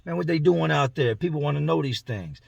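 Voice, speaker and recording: Husky-voiced man telling a prison story. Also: on the high side, animated, fairly quick, dry recording, dull audio. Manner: slangy, conversational, acts out the voices in his story. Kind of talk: casual storytelling. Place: inside a car.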